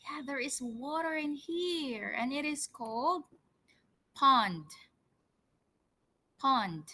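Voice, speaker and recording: A woman teaching English words to children and reading them a story, prompting slowly and repeating each word. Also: sits high, animated, pushed and bright. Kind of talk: vocabulary lesson and storytelling for children.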